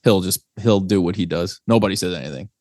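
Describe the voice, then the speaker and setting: Laid-back low-voiced man rambling. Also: quick pace, darkish tone, no echo, clean studio sound. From New Jersey. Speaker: guest, band singer. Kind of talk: casual podcast chat.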